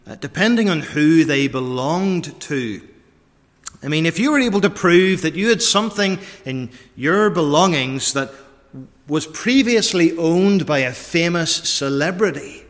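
A man preaching a sermon, deliberate and repeating key phrases for emphasis, recorded in a church. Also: fairly high pitch, a bit bright. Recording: long reverb of a large church.

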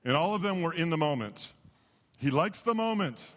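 Male pastor, fairly high voice, sermon delivery that moves from hushed to emphatic, long church reverb. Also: animated, normal speed. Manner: impassioned, swings from hushed to emphatic. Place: church sanctuary.

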